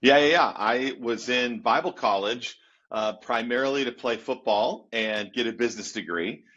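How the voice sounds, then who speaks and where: A man in his fifties, a youth pastor, telling his story as an animated guest in a casual interview and laughing often. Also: medium pitch, moderate pace. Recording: dull lo-fi sound.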